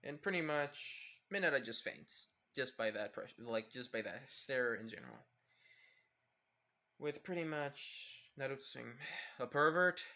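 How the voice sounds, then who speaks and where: A male storyteller casually retelling a fan-made story, rambling along and leaning on the same filler phrases. His voice is lively in pitch and bright in tone. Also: a little slow.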